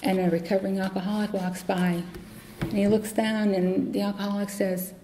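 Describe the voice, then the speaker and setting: Woman sharing her story at a meeting, earnest and chatty, mellow voice, roomy echo. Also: medium pitch, flat delivery, normal speed. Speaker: AA meeting speaker. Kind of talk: personal recovery talk. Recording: echoey hall, faint noise.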